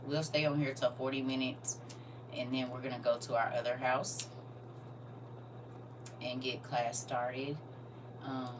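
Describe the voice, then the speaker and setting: A woman hosting a casual live stream, reading viewer comments, going from soft and near-whispered to loud and animated. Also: extremely low pitch, far from the mic, background noise.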